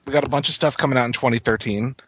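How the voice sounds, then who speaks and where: A man's voice: medium pitch, steady tone, rapid-fire, fairly bright tone, slightly rough, no echo. A man hosting a podcast, chatting casually with many fillers and repeated words. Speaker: podcast host. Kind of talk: casual chat. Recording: dull lo-fi dry sound.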